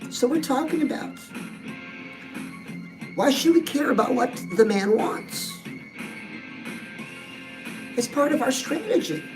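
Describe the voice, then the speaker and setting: High-voiced sassy woman giving advice. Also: rough recording. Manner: chatty, sassy, calls listeners "girls". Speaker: dating coach. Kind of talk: direct-address advice talk. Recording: music playing behind the voice.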